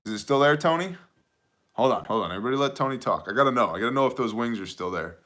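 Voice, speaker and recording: A man's voice: mid-range voice, lively intonation, racing, a bit bright. A man in his thirties hosting a casual livestream, reading viewer comments aloud and answering them with dry jokes. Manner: joking, conversational, reads chat aloud. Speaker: livestream host answering chat. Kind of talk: casual live chat.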